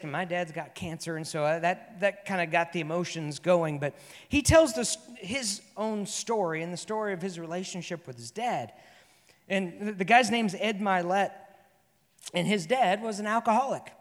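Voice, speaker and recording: A man preaching a sermon as pastor, telling a story earnestly and moving between loud and soft delivery. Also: sits high, long reverb tail. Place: church sanctuary.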